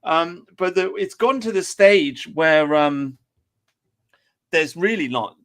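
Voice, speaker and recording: A man's voice: a little high, animated, slow. A man chatting on a podcast, ranting and swearing heavily. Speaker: podcast co-host. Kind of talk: casual chat.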